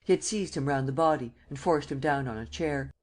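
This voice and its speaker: Low-voiced woman narrating an audiobook. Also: brisk, a little mellow. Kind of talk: scripted narration.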